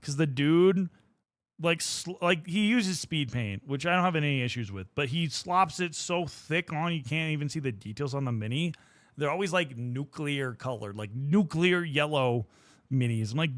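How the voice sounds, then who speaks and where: A man's voice: fairly high pitch, expressive, moderate pace, a bit bright, no echo. A young man chatting casually on a livestream while painting miniatures, rambling and swearing freely as he talks to his viewers. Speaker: streamer.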